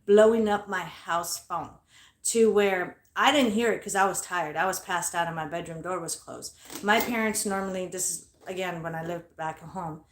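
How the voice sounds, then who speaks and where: Woman paranormal vlogger, low-pitched, blunt and foul-mouthed, echoey room. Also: moderate pace, few pauses, a bit bright. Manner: blunt, swears constantly. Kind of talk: casual ghost-story telling. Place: her bedroom at home.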